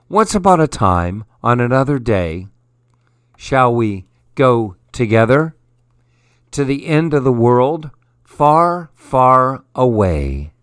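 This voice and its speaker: A man reads a picture book aloud at an unhurried pace, gently and expressively. His pitch rises and falls in a lively way. The sound is dry and close. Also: smooth, no room sound. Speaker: radio storyteller. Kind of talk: read-aloud storybook narration.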